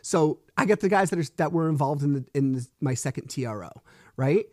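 A man's voice: a little high, expressive, brisk, warm tone, dry recording. Man, 30s, solo podcast host, annoyed and rambling, dry close sound. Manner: frustrated, swearing, rambling with restarts.

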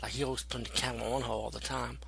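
A man's voice: medium pitch, flat delivery, very fast, gravelly, a bit bright, a little hiss or hum, low-quality recording. A young man giving a loose, rambling spoken movie review, full of fillers and swearing.

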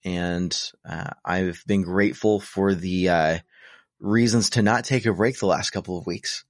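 A man's voice: low voice, fairly even intonation, measured pace, no room sound, clean studio sound. A man co-hosting a podcast in casual chat, rambling and self-deprecating with sarcastic humor. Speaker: podcast co-host.

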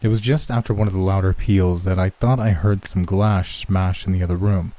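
A man narrates a classic tale in a measured, unhurried way. His voice sits low and carries a dark, mellow warmth. The reading stays even and steady from line to line. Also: dry recording. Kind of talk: scripted narration of a classic story.

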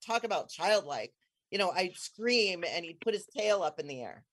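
Casting note: excitable conversational storyteller, mid-range voice, rambling restarts, sudden high-pitched bursts of glee. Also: moderate pace. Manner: excitable, bursts into high squeals when quoting herself; rambling, many restarts and trailing phrases. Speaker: guest telling a personal story.

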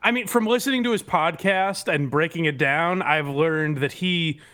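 A man's voice: a little high, normal speed, pushed and bright. A man co-hosting a podcast in casual chat, playful and self-mocking with frequent chuckles. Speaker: podcast co-host.

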